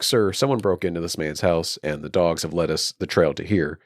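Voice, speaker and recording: A man's voice: low-pitched, a little fast, no room sound, clean studio sound. A young adult man co-hosting a film podcast, retelling scenes in casual chat and jumping into raised voices for the characters. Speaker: podcast co-host.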